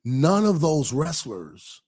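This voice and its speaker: A man hosts a pastor's livestream in a casual, animated manner, repeating phrases and reading viewers' comments out loud. His voice is on the high side and husky, and he speaks slowly.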